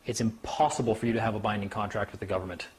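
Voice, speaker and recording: A man in casual talk to a small group, an animated storyteller who mimics officials in a higher voice. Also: rapid-fire. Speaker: speaker.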